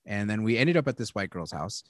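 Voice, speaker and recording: A young man co-hosting a podcast, telling a story in casual chat, animated and laughing, swearing often. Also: on the low side, a little fast, no room sound, studio quality. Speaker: podcast co-host.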